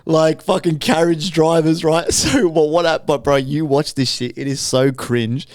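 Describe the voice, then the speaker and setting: A man's voice: on the high side, a little slow, a little mellow, no echo, studio quality. A young man co-hosting a podcast, telling rambling, profane stories and acting out other people's lines in a casual chat. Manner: swearing storyteller, acts out quotes with voices. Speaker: podcast co-host.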